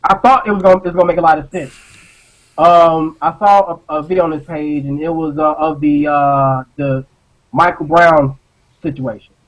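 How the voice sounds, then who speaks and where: A man co-hosting an online live show, ranting in a casual, profane, animated way and often repeating words as he talks. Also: on the high side, normal speed, low-quality recording. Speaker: podcast co-host.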